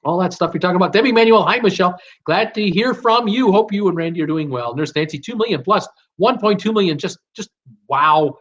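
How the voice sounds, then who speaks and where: Man, middle-aged, live-stream host, reads viewer chat, lots of uhs and restarts, slightly high voice, muffled audio. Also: brisk, a bit bright. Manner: reads out viewer comments and replies with fillers and restarts.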